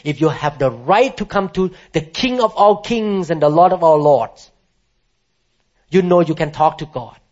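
Man, pastor, immigrant, emphatic sermon, questions to the congregation, raised pitch, dull lo-fi recording. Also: animated, a little slow. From immigrant to the country where he preaches. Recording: muffled lo-fi sound.

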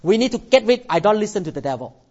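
A pastor preaching a sermon with emphatic, repetitive exhortations. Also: male voice, high voice, sing-song, quick pace, a little mellow, dull audio.

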